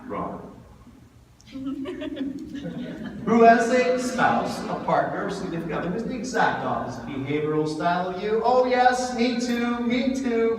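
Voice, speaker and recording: A man giving a lively seminar talk, asking the audience questions, recorded from far off in a hall. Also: sits high. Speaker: speaker.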